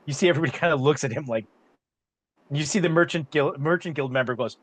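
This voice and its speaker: A man's voice: fairly high pitch, fast, no echo, poor audio. A man narrating a tabletop game as game master, talking casually with lots of fillers.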